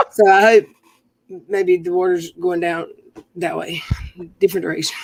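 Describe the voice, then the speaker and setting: A woman's voice: on the low side, steady tone, a little slow, vocal fry, darkish tone, slight background noise, low-quality recording. A woman hosting a livestream panel, chatting casually with rambling, self-interrupting talk and easy laughs. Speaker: livestream commentary host. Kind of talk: casual chat.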